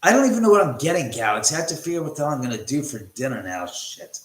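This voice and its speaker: With a fairly high pitch, big pitch swings and a racing pace, a middle-aged man hosts a casual livestream from home. He jokes with viewers and curses freely as he reads their comments, captured by a phone mic in an echoey room.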